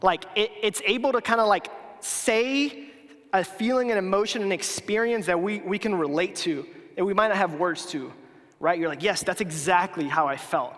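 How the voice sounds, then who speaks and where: A young man with a high, slightly bright voice gives a casual youth sermon at a normal pace. He's chatty, restarts often, uses lots of filler, and jokes about his own slips. The recording carries a long hall reverb.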